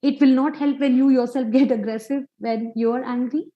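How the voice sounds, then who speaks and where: A woman's voice: high-pitched, steady tone, moderate pace, dull audio. A woman, a clinical psychologist answering a parent's question in a webinar, asking rhetorical questions with a few fillers. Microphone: video call.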